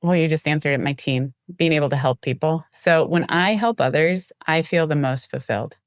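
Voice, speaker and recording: On an interview show, this woman guest, a marketing executive, speaks at normal speed in a low voice, animatedly performing the dialogue in her casual stories. The recording is dry and studio-clean.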